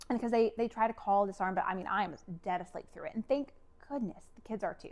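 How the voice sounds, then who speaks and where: A woman vlogger telling a personal story, animated and emotional, with many fillers and acted-out quotes. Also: mid-range voice, quick pace.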